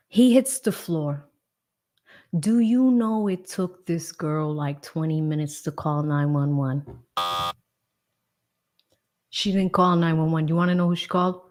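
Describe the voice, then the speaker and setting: Female livestream host, true crime commentary; indignant, emphatic, slow and deliberate delivery. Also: on the low side, a little mellow. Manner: indignant, emphatic, talks straight to viewers.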